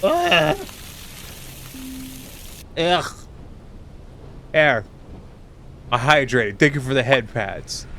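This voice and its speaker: A man's voice: mid-range voice, unhurried, long pauses, sharp tone, slight background noise. A man streaming live, chatting casually and teasingly with his viewers while tired and rambling.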